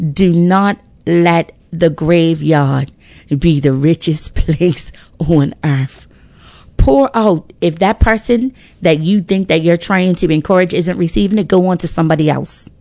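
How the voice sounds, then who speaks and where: A middle-aged woman speaks on a radio talk show in a deep, low register. Her delivery is emphatic and preachy, full of faith encouragement and restarts. The sound is dry and close, with no room around it. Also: a little mellow, dry recording.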